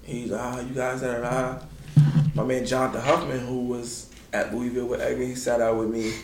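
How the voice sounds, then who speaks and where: Slangy man, roomy recording. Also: moderate pace. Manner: animated, acts out quotes with big pitch jumps; laid-back slangy talk. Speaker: former college basketball player telling stories. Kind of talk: casual storytelling. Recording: roomy sound with faint noise.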